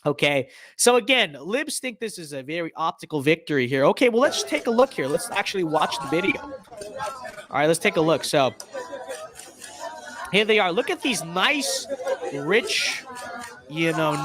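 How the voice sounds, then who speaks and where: A man's voice: a little high, sing-song, unhurried, a crowd in the background. Sarcastic man hosting political commentary. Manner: sarcastic, mocking, with many fillers and restarts. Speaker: host.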